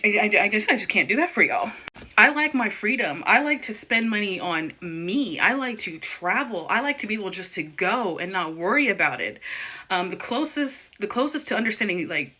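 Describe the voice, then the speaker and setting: Young woman vlogger, bright and forceful tone, emphatic candid rant with frequent restarts. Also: medium pitch. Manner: emphatic, repeats and restarts words when worked up. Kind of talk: candid personal vlog rant.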